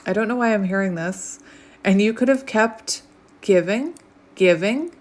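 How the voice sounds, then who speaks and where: A woman giving a casual tarot reading, rambling and chatty with many fillers, sometimes dropping to a soft near-whisper. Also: mid-range voice, measured pace. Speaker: tarot reader. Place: home, outdoors light fading.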